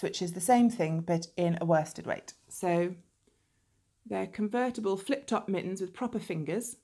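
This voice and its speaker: A woman's voice: fairly low pitch, mellow. A woman hosting a knitting podcast, chatting casually and showing her knitting to the camera, with chatty digressions.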